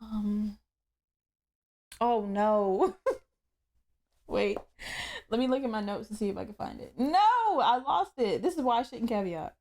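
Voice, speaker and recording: A young woman hosting a solo podcast, telling stories in a blunt, profane, animated way. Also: fairly high pitch, measured pace, pauses often. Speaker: podcast host. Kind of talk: casual solo podcast rant.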